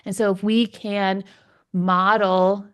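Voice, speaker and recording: A woman's voice: mid-range voice, slow pace, clear, resonant tone. Enthusiastic woman parenting coach. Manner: enthusiastic, animated, laughs often. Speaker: parenting coach and podcast host. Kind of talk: conversational interview.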